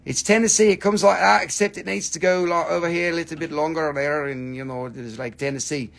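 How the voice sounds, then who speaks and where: A man's voice: fairly high pitch, fairly even intonation, a little fast, vocal fry, a bit bright. A man hosting a live online rock and mineral sale, chatting casually, joking and swearing as he shows off pieces and their prices. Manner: profane, joking, breaks into snippets of song. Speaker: live-stream crystal seller. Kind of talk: casual live sales chat.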